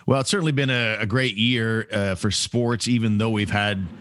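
A man's voice: on the low side, fairly even intonation, normal speed, fairly bright tone, no echo. A man co-hosting a podcast from his home studio, easygoing and steering the talk between topics. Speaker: podcast co-host. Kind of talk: casual chat.

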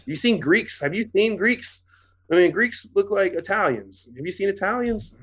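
A man co-hosting a podcast in casual, rambling chat, swearing freely and getting animated. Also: high-pitched, moderate pace, slightly rough. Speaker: podcast co-host.

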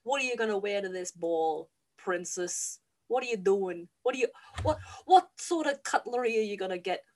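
A woman's voice: medium pitch, expressive, normal speed, lightly acted. A woman voicing a cold, scheming head housekeeper who sneers and bullies, in a comic retelling. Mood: sneering. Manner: sneering, bullying, blunt.

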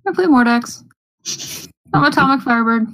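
A woman playing a tabletop game, reacting in an excitable way. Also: high voice, normal speed, creaky, no echo. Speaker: player. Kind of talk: tabletop role-play.

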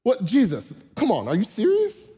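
A preacher voicing a skeptical, sharp-tongued Samaritan woman in a retold Bible story. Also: on the high side, big pitch swings, big-room sound, faint music behind. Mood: incredulous. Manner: incredulous, quick, streetwise banter.

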